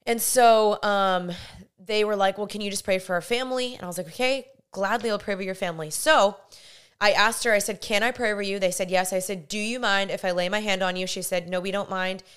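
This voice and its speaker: A woman's voice: mid-range voice, steady tone, a little fast, a bit bright, clear, resonant tone. A young woman hosting a podcast, telling a personal faith story in an earnest, rambling way, with many fillers and restarts. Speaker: podcast host.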